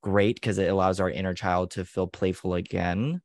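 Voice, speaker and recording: Deep-voiced man, dry close sound. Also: steady tone, moderate pace, dry recording. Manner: explains at length, repeats and restarts words. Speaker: podcast co-host. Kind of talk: casual chat on parenting.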